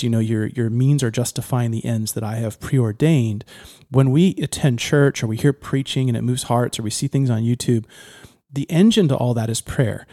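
A man's voice: mid-range voice, mellow, dry recording. A man co-hosting a couples podcast from a studio, chatting playfully and slipping into a preacher's way of talking. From California. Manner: playful, joking, slips into preacher mode. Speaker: podcast co-host. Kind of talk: casual couples podcast chat.

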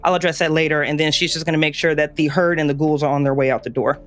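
A woman voices her character in a tabletop role-playing game, speaking casually and a little hesitantly. Her voice is lowish, with faint music under the talk. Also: fairly even intonation, quick pace. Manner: casual, hesitant, starts with fillers. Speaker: player.

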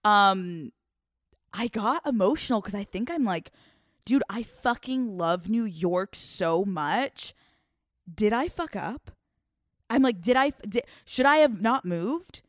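Excitable, foul-mouthed young woman host. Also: mid-range voice, takes it slowly, no echo, clean studio sound. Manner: excitable, profane, laughs often. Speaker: podcast host. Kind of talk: casual vlog-style podcast chat. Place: hotel room.

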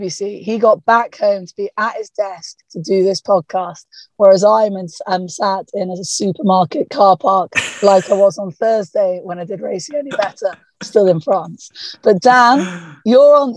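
A woman hosts a casual podcast chat with a husky, sore-throated voice. She talks in a chatty, self-mocking way. The sound is dry and close. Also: mid-range voice, normal speed, no room sound, poor audio. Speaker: podcast host. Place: parked car.

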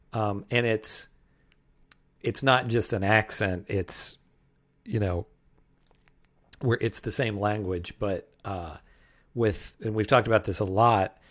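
A man's voice: fairly low pitch, a little slow, pauses often. A man co-hosting a podcast, reviewing a film in casual chat, rambling and hesitant. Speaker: podcast co-host.

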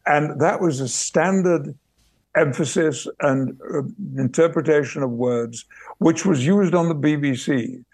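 An older man from Yorkshire speaking in received pronunciation, telling stories in a measured, thoughtful way as a guest, pausing to search for words. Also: a little high, a little mellow, no echo. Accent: British received pronunciation. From Yorkshire, England. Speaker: guest, actor and memoir author. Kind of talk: reflective interview storytelling.

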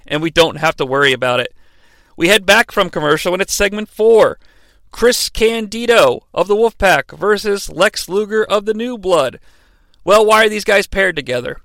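Bright-voiced man riffing comedically. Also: high voice, no echo. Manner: rambling, self-deprecating, acts out quotes in voices. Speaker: podcast host. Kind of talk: comedic wrestling fantasy booking monologue.

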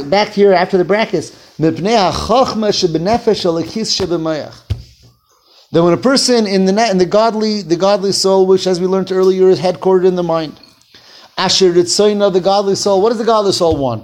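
A man's voice: high voice, brisk, darkish tone. A man leading a text-study class, reading Hebrew phrases aloud, translating them and asking his students questions. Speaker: Torah teacher.

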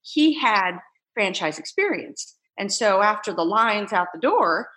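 A woman entrepreneur telling her story in a casual interview, animated and laughing as she acts out quoted voices. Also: mid-range voice, measured pace. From United States. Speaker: entrepreneur guest.

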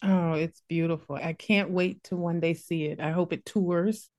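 A woman's voice: fairly low pitch, fairly even intonation, normal speed, a little mellow. A woman with a Midwestern accent hosting a casual interview over a video call, bubbly and laughing often. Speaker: interviewer, host.

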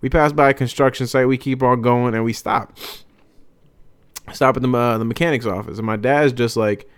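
Smooth-voiced young man telling a story. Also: medium pitch, fast, no room sound. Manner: animated storyteller acting out quotes. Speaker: podcast co-host. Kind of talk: casual storytelling chat.

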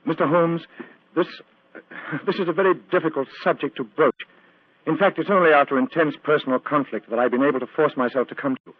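A man's voice: a little high, brisk, slightly rough, no echo, narrow, tinny audio. An agitated, earnest clergyman in a 1940s radio play, imploring and anxious. The recording is dry and thin, like an old broadcast heard through a small speaker. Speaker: reverend.

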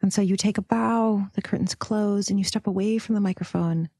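A woman podcast host leading a slow, soft guided meditation, sometimes dropping into a whisper and calling the listener sister. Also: mid-range voice, steady tone, slightly rough, no room sound, studio quality. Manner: calls listener "sister", affirmations.

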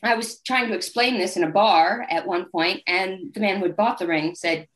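A woman's voice: medium pitch, moderate pace. A woman guest author telling candid, wry anecdotes in a casual interview. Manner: acts out quoted people in lively voices.

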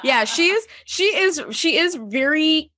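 A young woman co-hosting a casual chat, animated and quick to laugh, leaping up in pitch whenever she quotes someone. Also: crowd noise. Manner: animated, laughs often, jumps high in pitch when quoting. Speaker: podcast co-host.

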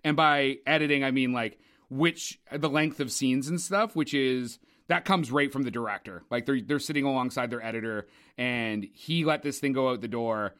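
A young man co-hosting a podcast talks through a movie review at normal speed with few pauses, in a medium-pitched, fairly bright voice. He's casual, opinionated, and profane, with frequent rambling asides.

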